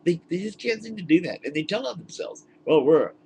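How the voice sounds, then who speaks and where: A man's voice: high voice, lively intonation, fast, gravelly, darkish tone, a little hiss or hum, rough recording. A man ranting indignantly into his webcam, laughing often as he talks. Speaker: vlogger. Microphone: webcam mic.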